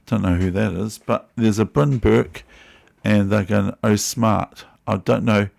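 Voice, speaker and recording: A man's voice: lowish voice, steady tone, measured pace, gravelly, darkish tone. A man from New Zealand with a New Zealand accent, streaming chess puzzles live and muttering through moves half to himself between chatty asides to his viewers. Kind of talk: live-stream commentary while solving puzzles.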